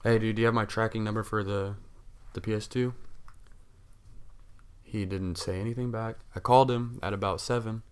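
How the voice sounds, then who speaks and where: A young man co-hosting a casual podcast, telling an animated story full of cussing and acting out what others said. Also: fairly low pitch, moderate pace, clean tone. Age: young adult. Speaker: podcast co-host. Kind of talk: casual chat.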